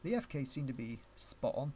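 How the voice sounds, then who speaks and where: A Canadian-born man with an English accent teaches 3D rigging on a live stream, thinking aloud in a chatty, rambling way as he restarts sentences and chuckles at his own asides. His medium-pitched, dark-toned voice swings widely in pitch at a moderate pace. There is slight background noise.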